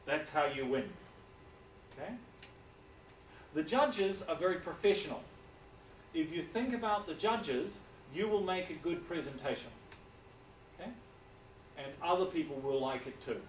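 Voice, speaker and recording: A man from New Zealand with a New Zealand accent, giving a classroom lecture as a teacher and pausing often to check in with his students. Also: fairly high pitch, expressive. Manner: deliberate, checks in with frequent "okay?". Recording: echoey room, distant mic, faint hiss.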